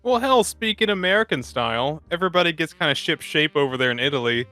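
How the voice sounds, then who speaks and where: A man's voice: on the high side, animated, bright, forceful tone, no room sound, faint music behind. A man co-hosting a casual film chat, cracking jokes and swearing. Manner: quick, joking, profane. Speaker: podcast co-host. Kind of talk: casual chat about a film over beer.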